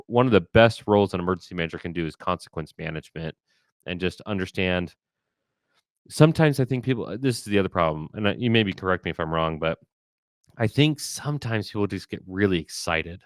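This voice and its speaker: This is a man hosting a podcast, lower-pitched than most, with a smooth and resonant tone. He talks emphatically and animatedly, often restarting mid-sentence. The sound is dry and close, with no room around it. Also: no room sound. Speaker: podcast host. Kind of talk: conversational interview.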